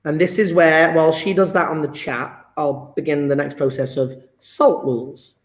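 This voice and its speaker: A man's voice: a little high, steady tone, moderate pace, reverberant. A man teaching a chemistry lesson online, encouraging and upbeat, cracking jokes with his students.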